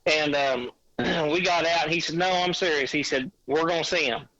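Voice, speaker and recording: A man, a podcast guest calling in by phone, telling a hunting story in a rambling, animated way. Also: fairly high pitch, moderate pace, no room sound. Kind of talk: casual chat. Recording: dull lo-fi phone line.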